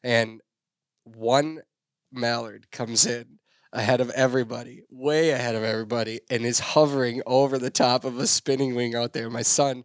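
A man of ordinary pitch hosts a casual podcast and tells a story with lively energy. The sound is dry and close, with no room around it. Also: normal speed, no echo. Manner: animated storyteller, gets loud and excited. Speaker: podcast host.

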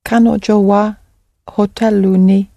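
A woman's voice: medium pitch, level tone, slow pace, warm tone, no echo. A woman in a language class, giving tentative answers to the teacher's prompts. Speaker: student.

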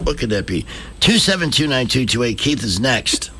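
A man's voice: medium pitch, sing-song, moderate pace, sharp tone, breathy edge, soft background music. A man hosting a morning radio show, running a call-in quiz with jokey, teasing banter.

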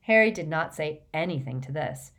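A woman reading an audiobook with steady, expressive narration. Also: deep voice, normal speed.

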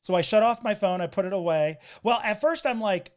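A man with a fairly high voice hosts a casual podcast chat. He tells hard personal stories candidly and wryly. He slips into quoted voices along the way. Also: a little fast, clean tone. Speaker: podcast host.

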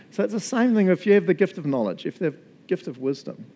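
A man's voice: sits high, very animated, quick pace, warm tone. A male pastor preaching a sermon in a casual, chatty way, often laughing as he talks.

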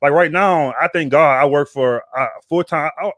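A man's voice: a little high, normal speed, fairly bright tone, no echo. A man hosting a podcast in casual chat, rambling and repeating words with plenty of slang. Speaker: podcast host.

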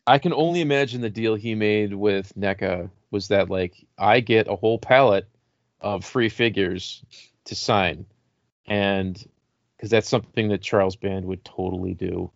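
A man with a fairly low voice talks in an easy, rambling way, full of filler words. The sound is dry and slightly muffled, with little room echo. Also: a little slow, gravelly. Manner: relaxed, rambling with many "like" fillers. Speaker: podcast co-host. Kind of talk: casual chat about horror toys.

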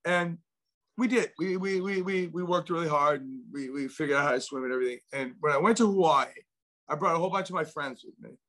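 A middle-aged man recounts a personal story in a loose, rambling way, stumbling over repeated words and restarting his sentences. His voice sits a bit higher than most men's. He speaks as an interview guest. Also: quick pace, bright, forceful tone. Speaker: guest, venture investor.

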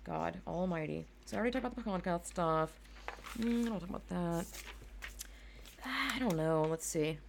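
A young woman hosting a casual solo podcast from home, rambling through animated asides and swearing freely. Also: lowish voice, normal speed, creaky, pauses often, a little hiss or hum. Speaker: podcast host. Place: home room at a computer. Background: keyboard clacking.

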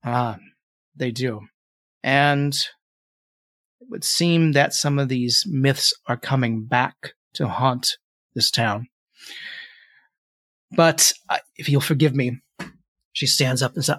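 Male game master narrating a fantasy session, unhurried, dry close sound. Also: mid-range voice, dry recording. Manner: relaxed storytelling with frequent fillers.

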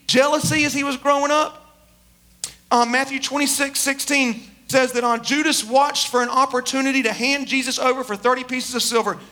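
A male preacher delivers a sermon with animated, emphatic storytelling. His voice sits very high and sounds bright.

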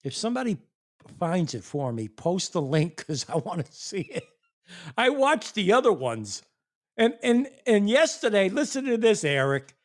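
Furious profane man ranting, lively pitch. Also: normal speed. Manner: angry, profane, incredulous, laughs in disbelief. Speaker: streamer ranting to viewers. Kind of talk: profane political rant.

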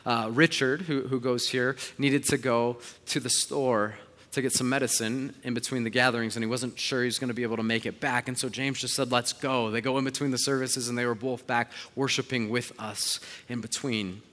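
A man in his thirties preaching a sermon as pastor, earnest, moving between hushed and rising emphasis. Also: mid-range voice, steady tone, fairly quick. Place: church sanctuary. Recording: long hall reverb.

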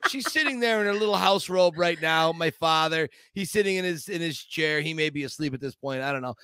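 A man's voice: a little high, a little fast, clear, resonant tone, no echo, studio quality. A man hosting a podcast, chatting and telling family stories in an enthusiastic, rambling way. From Italian-American family. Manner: enthusiastic, rambling, animated storyteller. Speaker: podcast host. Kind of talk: casual interview chat.

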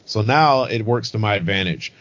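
A man's voice: on the low side, lively intonation, normal speed, fairly bright tone, highs cut off. A Scottish man co-hosting a casual podcast chat, insisting on being heard and swearing freely. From Scotland. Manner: insistent, talks over others, swears freely. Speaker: podcast co-host.

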